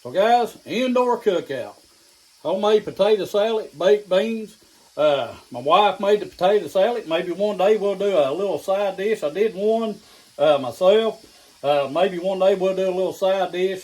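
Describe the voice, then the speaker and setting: A middle-aged man with an East Tennessee drawl hosts a homespun cooking vlog from his kitchen. His voice sits fairly high, and he talks in a friendly, folksy way, sometimes while chewing. A skillet sizzles behind him. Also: moderate pace, a little mellow, rough recording. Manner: folksy and down-home, talking while eating. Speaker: home cooking channel host. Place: home kitchen. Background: food sizzling in a skillet.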